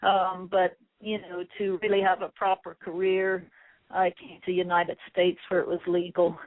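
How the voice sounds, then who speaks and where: A middle-aged Irish woman, a former boxer, answering interview questions in a soft-spoken, hesitant way with many fillers. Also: on the low side, flat delivery, normal speed, dry recording. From Ireland. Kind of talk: phone interview. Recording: tinny phone line.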